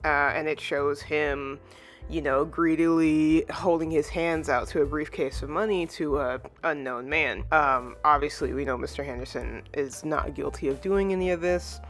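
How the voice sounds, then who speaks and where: Chill reviewer rambling through a manga chapter recap, mid pitch, lots of fillers, faint music behind. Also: normal speed, a bit bright. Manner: rambling, full of "you know" and "like" fillers; acts out characters' lines when retelling.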